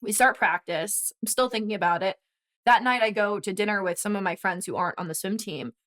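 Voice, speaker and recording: A woman in her twenties, a guest and former college swimmer, telling a story in animated casual conversation with quick asides. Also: mid-range voice. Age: 20s.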